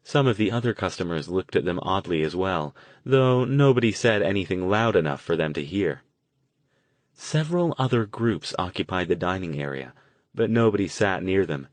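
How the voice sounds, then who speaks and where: A man narrating an audiobook in a steady, even reading voice. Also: low voice, moderate pace, no echo. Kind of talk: scripted narration.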